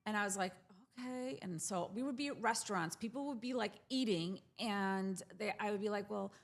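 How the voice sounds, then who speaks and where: A jewelry brand founder in her forties, a guest in a relaxed interview, tells the story of her business in a gravelly, creaky, mid-range voice. She speaks fairly quickly and animatedly, slipping into the voices of people she met.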